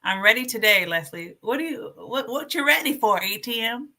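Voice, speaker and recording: A woman hosting a casual livestream, chatty and animated, reading aloud from her notes while sharing her screen. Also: a little high, normal speed. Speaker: livestream host.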